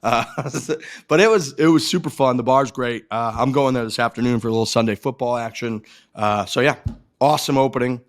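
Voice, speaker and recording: A man's voice: mid-range voice, brisk. A man co-hosting a podcast, telling a story loosely with frequent laughs. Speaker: podcast co-host. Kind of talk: casual chat.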